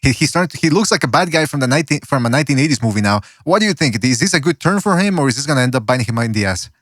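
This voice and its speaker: A man's voice: medium pitch, lively intonation, a bit bright, no echo, studio quality. A man hosting a podcast, joking and swearing in casual chat. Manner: rapid, profane, joking. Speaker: podcast host.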